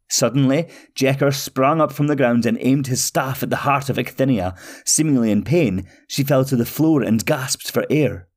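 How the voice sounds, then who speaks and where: A man's voice: medium pitch, normal speed, few pauses. Man narrating a fairy tale. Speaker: storyteller podcast host. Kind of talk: scripted storybook narration.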